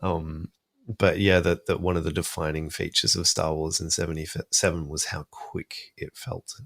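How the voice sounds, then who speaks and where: Low gravelly Australian man. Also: little pitch movement, normal speed, a bit bright, dry recording. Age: young adult. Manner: thoughtful, rambling with many fillers. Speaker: guest film music writer. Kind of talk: casual podcast discussion.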